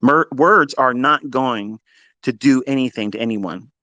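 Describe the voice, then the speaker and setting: Brief: man, trading mentor, blunt and foul-mouthed, emphatic repeats, mid-pitched, dry close sound. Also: measured pace, no room sound, muffled recording. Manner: blunt, heavy swearing, emphatic repetition; swings between loud bursts and low asides. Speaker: trading educator. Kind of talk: profane motivational lecture.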